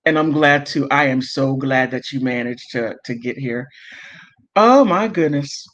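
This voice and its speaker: Heated, slow-talking male livestream host. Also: mid-range voice, a bit bright. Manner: emotional, heated, self-interrupting and apologetic. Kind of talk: casual livestream commentary, reading chat comments. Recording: dull lo-fi audio.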